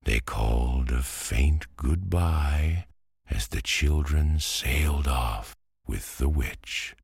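A man reading a storybook aloud as a slow, soothing bedtime story. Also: a bass voice, creaky, a little mellow, husky, no echo, studio quality.

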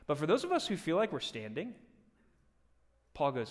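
Animated pastor preaching in a church hall. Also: male voice, fairly high pitch, moderate pace, long pauses. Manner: animated, jokey, swings from loud to hushed. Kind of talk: live sermon. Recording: long hall reverb.

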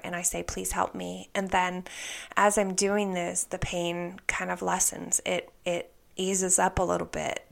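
A woman telling a personal spiritual story in an earnest, soft way, often dropping into a whisper. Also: fairly low pitch, gravelly. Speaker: spiritual vlogger.

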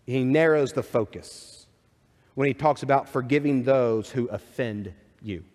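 A man's voice: mid-range voice, unhurried, darkish tone. A man preaching a sermon, reading scripture aloud and adding conversational asides. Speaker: pastor. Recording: long hall reverb.

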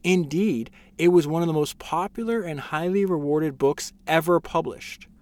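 A man's voice: a little high, moderate pace, a little mellow, dry recording. Enthusiastic man with frequent fillers. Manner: enthusiastic, reads quotes aloud with many fillers and restarts. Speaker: podcast host. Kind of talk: casual book-summary podcast, reading passages aloud.

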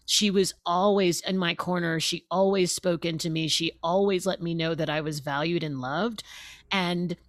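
Expressive woman guest with a low voice. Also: moderate pace, no room sound, clean studio sound. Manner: expressive, laughs as she talks, acts out quotes. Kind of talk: conversational interview.

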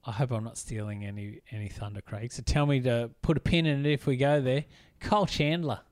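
Man, podcast co-host, middle pitch, dry close mic, eager and chatty. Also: fairly quick, a little mellow, dry recording. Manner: chatty and enthusiastic, many fillers. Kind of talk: casual film discussion.

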